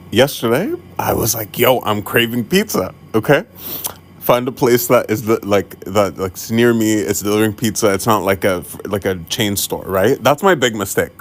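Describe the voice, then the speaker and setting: A young man telling a funny story-time tale, animated, laughing often and swearing casually. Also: medium pitch. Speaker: TikTok storyteller.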